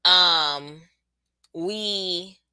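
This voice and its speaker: A woman with runs a live reaction stream. She talks casually and sassily, answering her chat, in a very bright, forward voice. The sound is dry and close to the mic. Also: on the low side, extremely slow, clean tone, dry recording. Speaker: live-stream show host.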